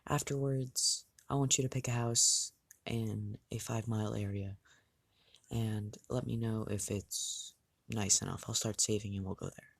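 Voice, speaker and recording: A man doing a calm, determined teen boy. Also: on the low side, unhurried, gravelly, no echo. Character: calm, determined teenage boy, protective son.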